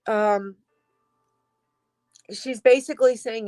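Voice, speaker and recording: A woman giving a personal tarot reading, emotional and halting, crying as she talks, with sighs and soft whispered asides. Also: mid-range voice, dry recording, faint music behind, poor audio. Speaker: tarot reader.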